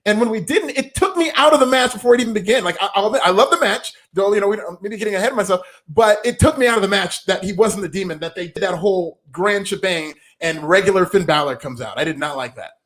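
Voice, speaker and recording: Male podcast co-host, high voice, rapid delivery; emphatic and opinionated. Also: a bit bright. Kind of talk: casual review chat.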